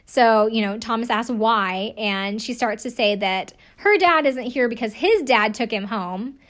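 A woman's voice: a little high, measured pace, fairly bright tone. Chatty woman recapping, swears freely. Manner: chatty, profane, laughing, lots of "like". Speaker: show recapper. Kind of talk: casual reality-TV recap.

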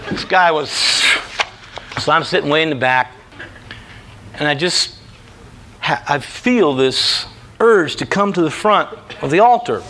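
A man giving a personal testimony in a church room, telling his story with animated storytelling and acting out his own past lines. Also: on the high side, unhurried, long pauses, a little hiss or hum.

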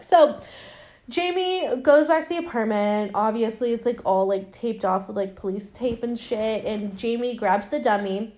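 A woman's voice: fairly high pitch, normal speed, a little mellow. Chatty young woman recapping a film. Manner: chatty, lots of "like", swearing, acts out quotes. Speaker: podcast host recapping a film. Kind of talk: casual comedic movie recap.

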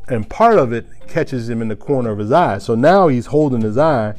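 Animated man telling a story casually. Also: mid-range voice, normal speed. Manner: animated, chuckling, rising loud at tense moments.

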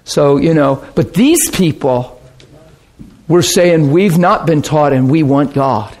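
A man preaching and telling a story to a congregation, animated and quick to laugh, with bursts of sound effects. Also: a little high. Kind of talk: sermon storytelling.

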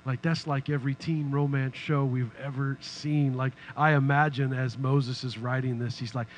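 Bright animated male preacher. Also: fairly high pitch, normal speed, hardly any pauses, low-quality recording. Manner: animated, humorous, conversational preaching. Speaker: pastor. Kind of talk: sermon.

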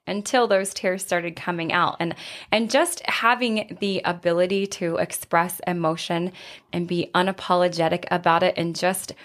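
A woman who leads healing retreats, telling an earnest story in a casual interview and acting out the quoted lines. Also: fairly low pitch. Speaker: retreat leader and healer.

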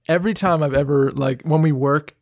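A man's voice: a little high, no echo, studio quality. Laughing, swearing man telling stories. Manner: animated storyteller who acts out quotes, swears, laughs often. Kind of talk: casual chat.

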